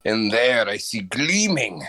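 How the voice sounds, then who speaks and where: A man doing Count Dracula as a brooding old male vampire, talking in a slow, drawn-out, theatrical way. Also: fairly low pitch, big pitch swings, sharp tone, no room sound, pitched below the performer's own voice, full character voice.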